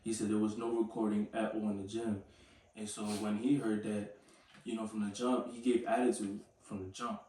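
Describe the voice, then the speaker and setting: A man calmly recounting what he saw, in a laid-back, matter-of-fact way. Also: fairly low pitch, moderate pace. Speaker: companion and witness. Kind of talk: casual chat. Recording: echoey room, distant mic, faint noise.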